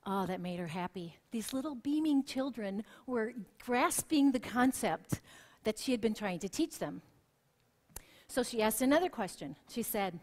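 A woman worship leader preaching a sermon in a church, telling stories with lively acted quotes. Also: a little high, normal speed.

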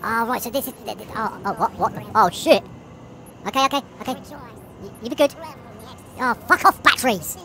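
A woman's voice: fairly high pitch, moderate pace, long pauses, music in the background. A woman giving nervous, jumpy commentary while playing a horror game, swearing often and laughing through the fear. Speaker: let's play gamer.

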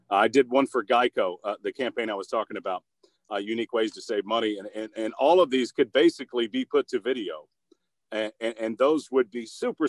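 A medium-pitched man, recorded with no echo, answers interview questions about his work as a voice actor and commercial producer. He's upbeat and goofy, full of fillers and repeated starts.

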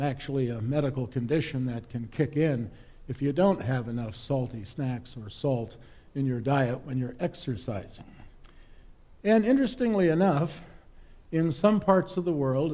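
A male priest giving a sermon in a relaxed, conversational, humorous way, with stories and rhetorical questions. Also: mid-range voice. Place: church.

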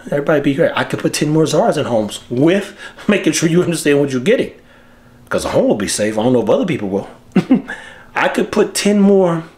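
A man chatting casually to the camera as the host of his own channel, slangy and quick to laugh. His voice sits fairly high for a man and swings widely in pitch as he gets animated. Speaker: dog breeder and channel host.

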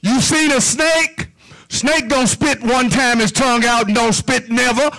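High-voiced preacher man, rhythmic sermon. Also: steady tone, unhurried, sharp tone, poor audio. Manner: rhythmic, call-and-response preaching.

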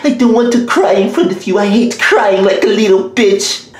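A woman's voice: mid-range voice, moderate pace, lightly acted. A clingy video game as a jilted lover, voiced by a woman. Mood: pleading. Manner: pleading, melodramatic, needy. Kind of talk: comedy voiceover skit. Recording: very echoey room.

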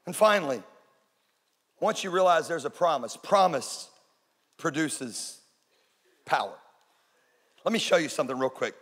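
A Texan man in his forties, a pastor preaching a sermon, telling stories and building to loud peaks. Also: a little high, animated, measured pace, pauses often, breathy edge. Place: church auditorium. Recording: large room with long reverb.

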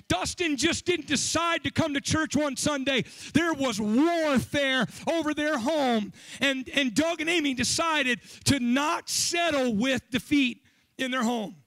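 A man preaching a sermon as pastor, telling stories with animated, emphatic delivery. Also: very high-pitched.

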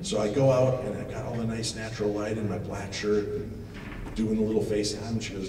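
A middle-aged man telling animated, joking stories to a live audience as a paranormal TV host, with loud outbursts. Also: lowish voice, a little fast. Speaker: paranormal TV host giving a lecture. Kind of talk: storytelling talk to a live audience. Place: large expo hall. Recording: echoey hall, distant mic, noisy.

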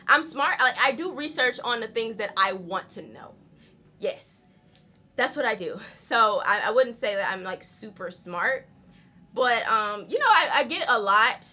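A woman's voice: fairly high pitch, lively intonation, measured pace, pushed and bright. A young woman with a Southern American accent, from the rural South, chatting candidly to camera in a home vlog. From Southern United States, rural. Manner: chatty, candid, frequent laughs, says y'all. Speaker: vlogger. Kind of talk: casual chat to camera.

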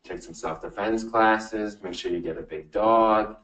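A man's voice: lowish voice, unhurried, fairly bright tone. A man playing a mocking, dismissive cop. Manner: mocking, condescending. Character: sarcastic dismissive male police officer. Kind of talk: comedy sketch acting. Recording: roomy, distant video playback.

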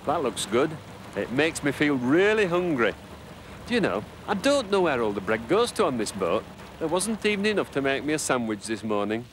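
A man presenting a children's TV show, talking gently and chattily as he explains things to children. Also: mid-range voice, sing-song, normal speed, background noise.

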